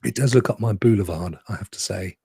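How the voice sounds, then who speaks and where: A chatty man co-hosting a live gaming show, his lowish voice gravelly with a fry at phrase ends. He swings his pitch freely as he talks, and the recording is dry and close with no room sound. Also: fairly quick, dark tone, dry recording. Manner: chatty, laughing, rhetorical asides. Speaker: podcast co-host. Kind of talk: casual live stream chat.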